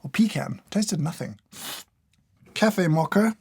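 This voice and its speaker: A man's voice: fairly high pitch, expressive, moderate pace, a little mellow. A man giving casual taste-test commentary in a dry, sardonic, mock-exasperated way. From United Kingdom. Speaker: coffee reviewer.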